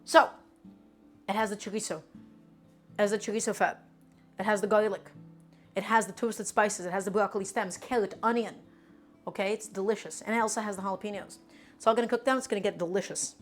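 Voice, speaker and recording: A woman's voice: mid-range voice, steady tone, fairly quick, pauses often, faint music behind. A woman chatting casually through a live cooking stream, emphatic and talking to her viewers as friends.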